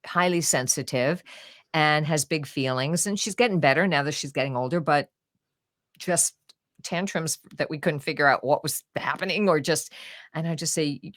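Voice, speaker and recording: An older woman, a grandmother and audiobook narrator, talking in a podcast interview with an expressive storytelling manner that acts out the things people say. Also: low-pitched, moderate pace, dry recording, studio quality. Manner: expressive, animated storytelling with acted-out quotes. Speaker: guest author and audiobook narrator.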